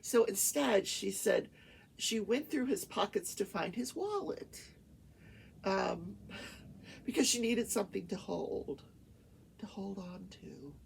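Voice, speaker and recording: A woman's voice: medium pitch, lively intonation, slow pace, gravelly, pauses often, a little hiss or hum. An older woman hosting a talk show, chattily retelling courtroom testimony in casual storytelling with her own asides. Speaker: talk show host and retired attorney. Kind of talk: casual storytelling recap of a trial.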